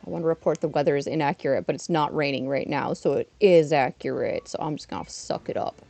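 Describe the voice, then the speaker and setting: A woman's voice: low voice, fast, vocal fry, warm tone, faint music behind. A woman in her thirties from Canada, chatting casually on a live stream while playing a game and laughing often.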